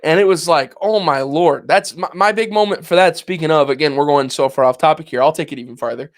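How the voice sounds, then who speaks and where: Fast-talking and fairly high-pitched, with fairly even intonation, a man in his twenties co-hosts a podcast. He chats casually and, as he tells a story, dramatizes his own past reactions.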